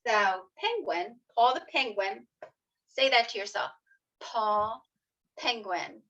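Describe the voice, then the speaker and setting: A woman teaching young children letter sounds in an online lesson, slow and encouraging, sounding out each letter. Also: fairly high pitch, expressive, a bit bright. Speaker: kindergarten teacher. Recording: slightly dull lo-fi video audio.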